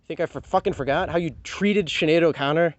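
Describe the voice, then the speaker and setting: A man's voice: a little high, fairly quick, no room sound, lo-fi sound. A man venting in a heated, profane rant to camera, sarcastic and full of rhetorical questions. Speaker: vlogger. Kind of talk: angry personal rant to camera.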